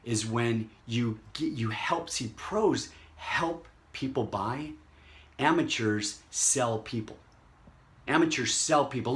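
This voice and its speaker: A man giving a motivational network marketing training talk, energetic and acting out quick snippets of dialogue with prospects. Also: medium pitch.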